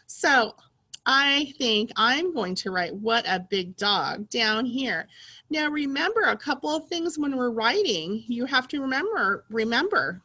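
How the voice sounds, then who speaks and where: A woman teacher guides young children through a reading lesson, enunciating every word slowly and clearly. Her voice is bright and a little high, with a gravelly edge at the ends of phrases. She reads the practice sentences with exaggerated excitement.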